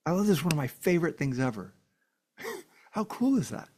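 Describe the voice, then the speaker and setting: A man's voice: on the high side, wildly swooping pitch, moderate pace, a little mellow, breathy edge. A man giving an earnest, emphatic casual monologue, speaking directly to his viewers. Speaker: vlogger. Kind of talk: casual heartfelt monologue to camera.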